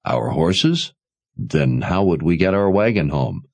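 A man's voice: deep voice, animated, takes it slowly, gravelly, darkish tone, no echo, exaggerated voice. A man voicing a friendly, concerned young wine seller who talks easily. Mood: kindly.

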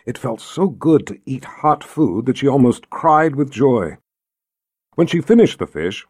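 Guy reading a storybook aloud, lively husky voice, dry recording. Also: mid-range voice, no room sound. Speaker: narrator. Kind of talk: audiobook narration.

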